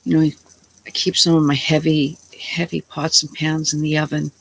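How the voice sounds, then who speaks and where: A woman's voice: low-pitched, level tone, moderate pace, creaky, husky, low-quality recording. A middle-aged woman who is unwell, telling a long, rambling, indignant story in a casual vlog and acting out her own lines. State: unwell, tired. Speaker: vlogger.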